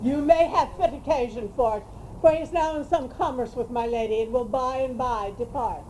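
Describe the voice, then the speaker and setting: A woman's voice: high-pitched, dark tone, a little hiss or hum, natural voice, rough recording. A woman playing a mischievous, teasing maid in an outdoor stage play. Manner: teasing, quick, mock-pious. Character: mischievous lady's maid Maria.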